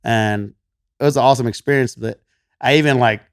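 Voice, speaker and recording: A gym coach with a Texan twang talks a little fast in a clean, medium-pitched voice as a podcast guest. He casually tells a story, laughing often, cursing, and quoting himself in animated voices, with studio-quality audio and no room sound.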